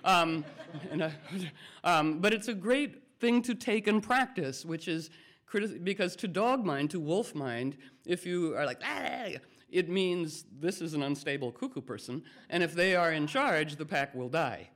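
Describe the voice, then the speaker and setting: A man giving a rambling, playful talk to a group as a spiritual teacher, drifting between ideas and acting out quotes in lively voices. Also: a little high, normal speed.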